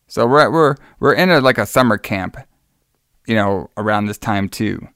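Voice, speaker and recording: A man's voice: on the low side, moderate pace, a bit bright, no room sound, clean studio sound. A man casually retelling a film's plot in a loose, rambling way, breaking into quoted lines. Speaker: podcast co-host. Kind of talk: casual movie recap chat.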